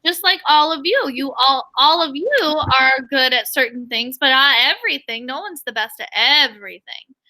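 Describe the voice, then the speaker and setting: A woman with a high, very bright voice teaches a reading lesson over a video call. She reads a picture book aloud in an animated way and asks her class questions. The sound is that of a video call. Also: normal speed.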